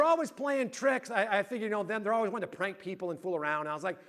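A middle-aged man preaching a sermon, telling lively family stories and acting out the voices in them. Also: high-pitched, racing, hardly any pauses. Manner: animated storyteller, acting out family arguments loudly. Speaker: pastor.

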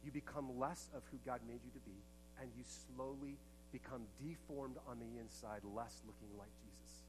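An earnest male pastor delivering a sermon at a mid-range pitch. He moves between hushed, intimate passages and emphatic, impassioned ones, with a faint hum behind him. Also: steady tone, moderate pace.

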